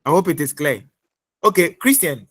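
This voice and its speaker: A middle-aged man lecturing an online class, repeating points and quizzing students with many pauses. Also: a little high, expressive, fairly bright tone, no echo. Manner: repetitive, quizzing, fills pauses with uh.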